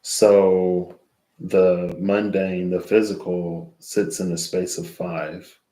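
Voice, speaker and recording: Very deep, slow male tarot reader, drowsy and rambling, in an echoey room. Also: level tone, mellow. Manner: rambling, thinks aloud and loses track mid-sentence. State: sleepy, yawning. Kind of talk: casual tarot reading, reading guidebook aloud.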